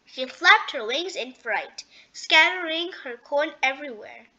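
A woman reading a children's storybook aloud, gentle and expressive. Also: high voice, unhurried. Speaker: storybook reader. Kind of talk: children's read-aloud narration.

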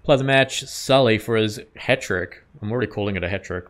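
A man giving casual, excitable commentary over his own video game play, reacting loudly and swearing at the game. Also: lowish voice, fairly quick. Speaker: gaming channel host.

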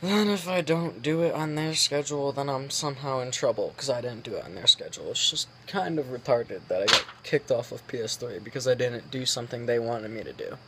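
A man's voice: medium pitch, a little fast, few pauses, noisy background. Annoyed teen guy ranting to camera. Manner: irritated, swearing, rambling with many fillers. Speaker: vlogger. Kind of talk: casual ranting vlog.

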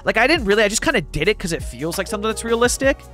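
A man talks through his city-building gameplay in a loose, rambling way, full of fillers and little chuckles. His voice sits a touch high and swings up and down a lot. Soft music plays quietly behind him. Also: sing-song, rapid-fire. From Canada (Vancouver). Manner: rambling, chuckling, thinking aloud with many fillers. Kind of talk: casual gameplay commentary. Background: faint background music.

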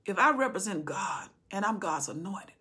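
A woman explaining a Bible chapter, swinging between loud preaching and hushed whispers. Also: medium pitch, lively intonation, moderate pace, slightly rough. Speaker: Bible teacher.

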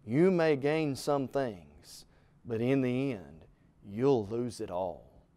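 A man's voice: mid-range voice, animated, slow, dark tone, no echo. A middle-aged man preaching a televised Bible lesson in an earnest, emphatic way, calling the listener "friend" and swelling in volume.

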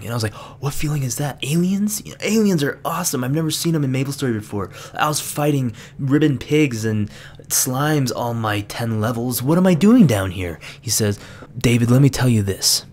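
A young man vlogging casually, telling an animated story with laughs and acted-out quotes. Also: medium pitch, slight background noise. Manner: animated, laughs often, acts out quoted lines. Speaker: gaming vlogger.

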